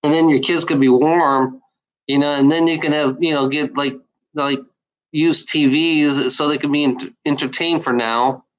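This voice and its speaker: A man's voice: on the high side, steady tone, normal speed, poor audio. A man ranting bluntly and profanely in a casual video, with many restarts and filler words. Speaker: video maker. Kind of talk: casual unscripted rant.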